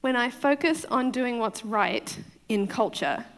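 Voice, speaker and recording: A woman's voice: fairly high pitch, lively intonation, measured pace, in a large hall. A woman pastor with a foreign accent, preaching a conversational sermon and often checking in with her listeners. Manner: chatty, often checks in with the crowd, laughs easily.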